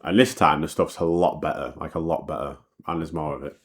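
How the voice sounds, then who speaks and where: A man's voice: rumbling low, fairly even intonation. A man telling a personal story in a rambling, sweary way, full of restarts and repeats. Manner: talks fast and knows it. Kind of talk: casual storytime monologue.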